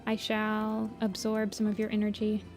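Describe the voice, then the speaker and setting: A woman's voice: mid-range voice, monotone, normal speed, darkish tone, faint music behind. A woman chatting casually on a livestream while she draws, reading chat messages aloud and answering them. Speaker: art streamer.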